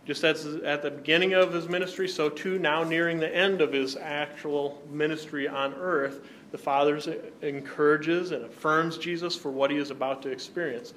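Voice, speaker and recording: A man's voice: a little high, steady tone, normal speed, a bit bright, slight background noise. A man teaching a Bible class, who keeps checking in with his listeners by asking "right?" and putting questions to the group.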